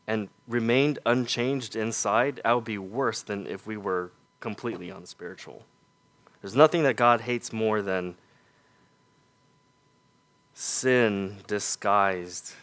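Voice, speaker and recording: A man preaching a sermon, earnest and full of rhetorical questions, letting his voice fall soft on key points. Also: mid-range voice.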